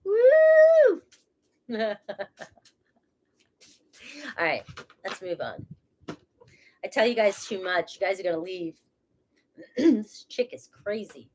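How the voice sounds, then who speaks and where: A woman's voice: mid-range voice, expressive, slow pace, long pauses, a little hiss or hum. Chatty woman giving a casual tarot reading. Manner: chatty, rambling, laughs at herself. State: has a cold. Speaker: tarot reader.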